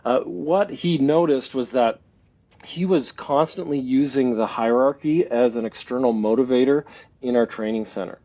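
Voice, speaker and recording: Over slightly dull lo-fi audio, a man in his forties from Canada reflects during a casual interview, breaking into laughter and restarting ideas often. His mid-range voice has a dark tone and a moderate pace.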